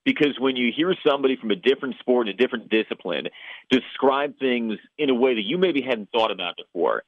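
A man's voice: mid-range voice, no echo. A man from the Chicago area with a Chicago accent, a play-by-play broadcaster telling stories and answering questions in an interview. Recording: tinny phone line.

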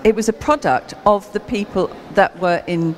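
A woman's voice: mid-range voice, normal speed, some chatter behind. A woman hosting a radio book show, interviewing a guest with hesitant, filler-heavy speech.

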